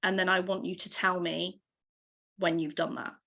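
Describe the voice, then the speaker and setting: A woman's voice: lowish voice, little pitch movement, moderate pace, creaky, sharp tone. Earnest woman on a video call. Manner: encouraging, earnest and emotional. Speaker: team leader giving a motivational training. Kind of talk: motivational talk on a video call.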